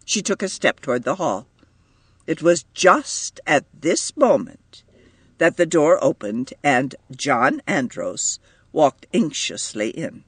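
A man reads a story aloud in an unhurried, expressive way, his voice husky and lively in pitch. The recording is close and dry. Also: no room sound. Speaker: narrator. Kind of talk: audiobook narration.

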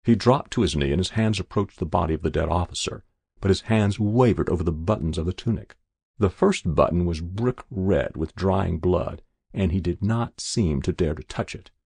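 A man narrating a short story in a slow, measured reading. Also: low voice, gravelly, darkish tone, breathy edge, no room sound, clean studio sound.

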